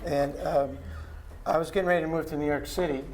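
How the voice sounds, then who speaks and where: A man telling an anecdote at a panel talk, animated and acting out the people he quotes. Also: fairly high pitch, fairly quick, a little hiss or hum. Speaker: panel guest, artist's estate guardian. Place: art gallery talk.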